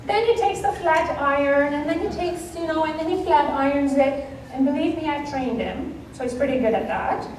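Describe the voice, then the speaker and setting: A woman from Kenya giving a keynote talk, telling a personal story in an animated way and acting out the dialogue. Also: high voice, normal speed, slight background noise. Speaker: keynote speaker. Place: conference hall stage. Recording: echoey hall, mic at a distance.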